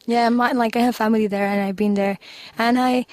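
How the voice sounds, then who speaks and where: A woman's voice: a little high, fairly even intonation, brisk, darkish tone, no room sound. Brief: young Chilean woman, native Spanish speaker, talks in English with a slightly raised voice and a dry, close sound. Chatty, full of fillers. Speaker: musician guest. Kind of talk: casual interview chat.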